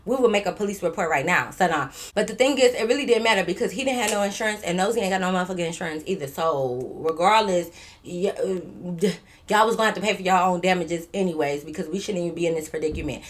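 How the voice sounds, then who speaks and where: A woman spins a casual storytime, slangy and profane. She jumps between her own telling and quoted voices, getting louder and softer as she goes. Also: on the low side, quick pace. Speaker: vlogger.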